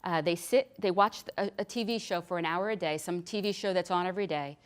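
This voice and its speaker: A woman's voice: on the low side, brisk, smooth. Chatty woman giving a health talk. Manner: chatty and practical, with frequent restarts. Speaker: nurse practitioner. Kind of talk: health lecture. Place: hospital lecture room.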